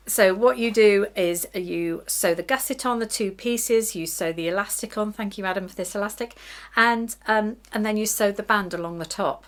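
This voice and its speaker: A woman's voice: medium pitch, a bit bright. A middle-aged woman chatting casually to camera about her sewing week, chatty and self-deprecating, often giggling. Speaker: sewing vlogger.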